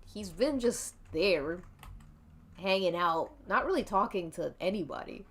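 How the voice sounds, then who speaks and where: A woman's voice: medium pitch, lively intonation, unhurried. A woman narrating a tabletop-style role-play game as game master, chatty and giggly.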